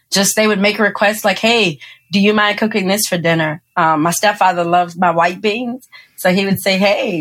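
A woman, a podcast guest telling a personal story with lively acted-out quotes and frequent laughter. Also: medium pitch. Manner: animated storyteller, acts out quotes, laughs often. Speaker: podcast guest, engineer and speaker. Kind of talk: storytelling interview.

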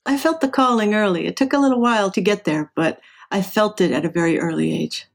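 A woman's voice: mid-range voice, fast, vocal fry. A middle-aged woman from Southern California, telling stories from her career as an interview guest. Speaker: interview guest, engineer and professor. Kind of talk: casual storytelling.

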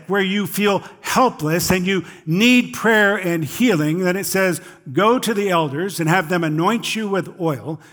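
A man's voice: high voice, fairly bright tone. A male pastor giving a conversational sermon, stepping into quoted voices when telling stories.

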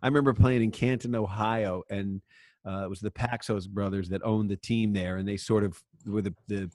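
A man's voice: on the low side, normal speed, dry recording. Swearing storyteller man, dry sound. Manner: animated, swears freely, acts out quotes loudly. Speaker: podcast co-host, former player. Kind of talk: casual chat, storytelling.

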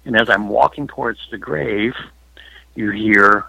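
A man's voice: lowish voice, a little slow, vocal fry, bright, forceful tone, slightly rough, dry recording. A middle-aged man telling emotional stories as an interview guest, rambling with lots of fillers. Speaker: paranormal investigator guest. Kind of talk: phone interview storytelling. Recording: dull lo-fi phone line.

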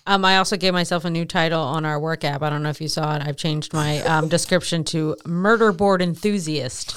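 A woman's voice: low voice, steady tone, a little fast, a bit bright, clean tone. A woman co-hosting a podcast in casual chat, playful and giggly. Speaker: podcast co-host.

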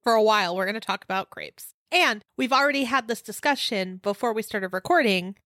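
A woman's voice: medium pitch, a little fast, a bit bright, dry recording, studio quality. A woman co-hosting a casual podcast chat, laughing often as she talks. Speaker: podcast co-host.

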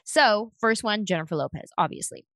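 A woman guest, a comedian, telling stories in lively conversation and slipping into quick voices as she goes. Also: mid-range voice, dry recording, clean studio sound. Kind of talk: animated storytelling in conversation.

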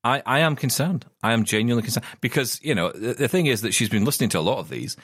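A man's voice: mid-range voice, animated, fast talker, a bit bright, slightly rough, dry recording. A man co-hosting a tech podcast in casual chat, dry and self-deprecating, stumbling over restarts. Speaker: podcast co-host.

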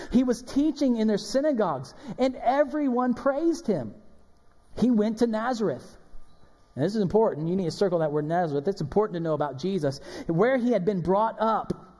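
A man preaching a sermon as pastor, animated and emphatic, acting out the people in the passage. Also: high voice. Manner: animated, emphatic preaching with dramatic quoted voices. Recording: long hall reverb.

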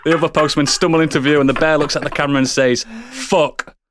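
Animated man pitching a story. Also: rapid-fire, noisy background. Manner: animated, swearing, laughing. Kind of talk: comedic storytelling chat.

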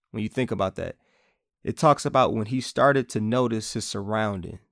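A man's voice: mid-range voice, dry recording, clean studio sound. A man hosting a podcast, teaching from the Bible in a casual, conversational way and playfully acting out quotes.

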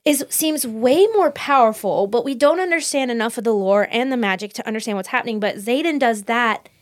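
A woman co-hosting a casual book podcast, talking in an animated, rambling way with quick restarts. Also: a little high, no room sound, studio quality. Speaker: podcast co-host.

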